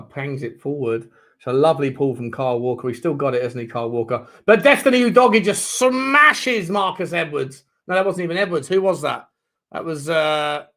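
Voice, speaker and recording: A man with a medium-pitched voice hosts a live football watchalong. He reacts to the match with excitable, sweary commentary and shouts at the referee.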